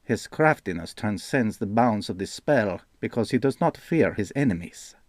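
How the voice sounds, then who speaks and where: A man narrating a fantasy audiobook in a measured, steady reading. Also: lowish voice, no echo, studio quality.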